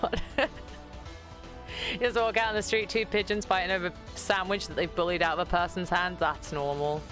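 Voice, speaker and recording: A man's voice: sits high, steady tone, fairly quick, fairly bright tone, faint music behind. A man from the UK chatting casually during a game stream, bossy and laughing often. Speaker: co-player, streamer guest. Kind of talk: casual gameplay chat.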